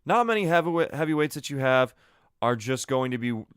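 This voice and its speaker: A man hosting his own solo podcast, giving opinionated commentary in an emphatic, animated way full of rhetorical questions. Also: mid-range voice, fairly quick, smooth, no echo, studio quality. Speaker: podcast host.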